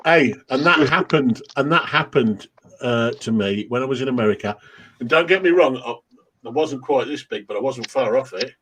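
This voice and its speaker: A middle-aged Englishman hosts a chat stream, talking casually with friends, swearing freely and laughing often as he tells stories. His mid-range voice is animated and fairly bright, at a normal speed, with slight background noise.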